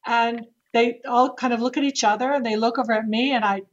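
Animated storytelling woman, dull lo-fi sound. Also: fairly high pitch, fairly quick. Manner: animated, with laughs and restarts. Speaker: real estate agent and podcast guest. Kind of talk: casual storytelling interview.

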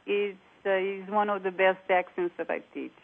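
A woman with a Cockney accent, an accent coach talking as a radio guest, animated and repeating herself. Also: medium pitch, moderate pace, vocal fry. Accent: English, Cockney. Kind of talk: radio interview. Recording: tinny phone-like line.

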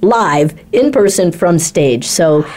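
A woman who coaches speakers and ghostwrites talks, telling a success story in a lively way and acting out the voices she quotes. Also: on the low side, slow pace. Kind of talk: animated storytelling in a panel chat.

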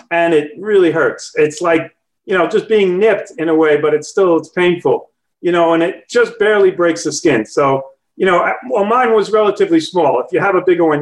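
A man with a high voice phones in to chat with a host. He tells his story loosely and keeps correcting himself partway through his sentences. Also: rough recording. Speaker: caller.

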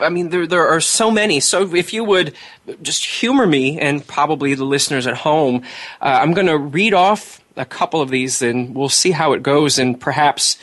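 A man hosts the interview with a friendly, playful manner. His voice sits on the higher side for a man. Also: a bit bright. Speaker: interviewer host. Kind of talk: casual interview.

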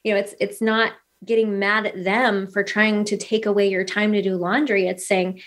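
A woman's voice: medium pitch, little pitch movement, moderate pace, hardly any pauses, fairly bright tone. A woman in her thirties, a podcast guest, talking earnestly and telling stories with lots of quoted dialogue. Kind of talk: casual podcast conversation.

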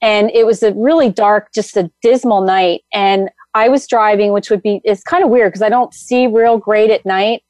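A middle-aged woman guest telling her story in an animated, rambling way with many fillers. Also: mid-range voice, moderate pace, hardly any pauses, no echo. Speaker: guest, energy healer. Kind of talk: casual interview storytelling.

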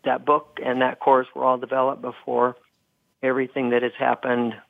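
A man's voice: medium pitch, completely flat delivery, moderate pace, gravelly, no echo. A man being interviewed as a guest, speaking thoughtfully with a few restarts. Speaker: guest, coach and former hospital executive. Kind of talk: phone-in interview. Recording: tinny phone line.

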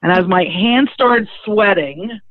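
A spiritual medium telling a personal story in a chatty, animated way, acting out the voices they quote. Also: medium pitch, slow, dry recording. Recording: tinny phone-like dry sound.

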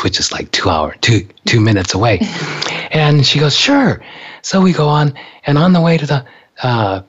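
An older man tells the story of his heart attack in a casual, lively way, laughing often and acting out the voices of the people he quotes. His voice is medium-pitched and slightly rough, and the recording sounds dull and lo-fi.

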